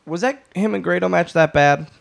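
A man guesting on a podcast, telling a backstage story in a lively way and swearing freely. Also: high voice, fairly quick, creaky.

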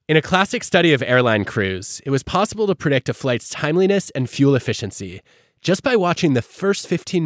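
A man hosting a podcast, delivering scripted narration with a lively, measured manner. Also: mid-range voice, no echo, studio quality. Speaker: podcast host.

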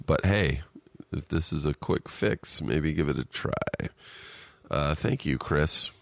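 A man's voice: extremely low pitch, lively intonation, takes it slowly, creaky, dry recording. A man co-hosting a podcast, rambling and self-deprecating with profane asides as he reads listener emails, sniffly from allergies. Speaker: podcast co-host. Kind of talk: casual chat, reading listener emails. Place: at home in his apartment.

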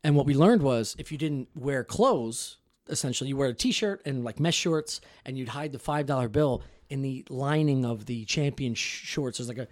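Thirties guy, profane rambling storyteller, mid pitch, dead-dry studio mic. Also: lively intonation, normal speed, hardly any pauses, darkish tone, no echo. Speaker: podcast guest storyteller. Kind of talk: casual podcast chat.

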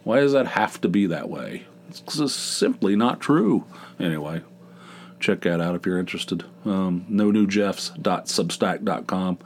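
A man's voice: deep voice, animated, unhurried, slight background noise. A man hosting his own podcast in a casual, rambling, self-deprecating monologue, with a big dopey voice and many restarts. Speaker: podcast host.

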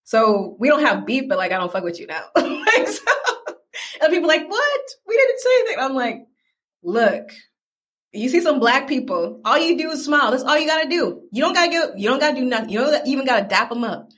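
This Southern woman, whose accent marks her as from the American South, has a high voice and a quick pace. Chatting casually as a podcast guest, she brings her stories to life by performing the voices of the people in them.

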